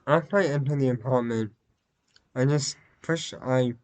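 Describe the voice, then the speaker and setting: A man's voice: mid-range voice, normal speed, a little mellow, no room sound, low-quality recording. A man narrating his playthrough of a story game in a chatty, self-conscious way. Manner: apologetic, self-conscious aside. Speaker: gameplay narrator.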